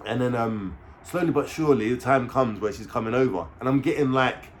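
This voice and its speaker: A man in his thirties with a London accent, telling a story to his viewers in a casual, slangy way, full of swearing and asides, his voice often dropping low and quiet before bursting back up. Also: brisk, a little hiss or hum. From England. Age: 30s. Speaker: vlogger.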